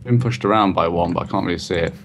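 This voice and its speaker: Teasing low-voiced man. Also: fast. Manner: teasing, dry jokes. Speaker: gaming partner. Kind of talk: casual let's-play chat. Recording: faint background noise.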